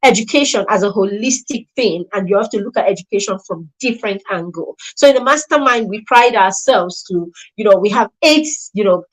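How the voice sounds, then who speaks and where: On a low-quality recording, a woman with an animated mid-range voice talks briskly, barely pausing, as she hosts and pitches a children's mentorship program. Her persuasive delivery is emphatic and repetitive, hammering key words and points again and again.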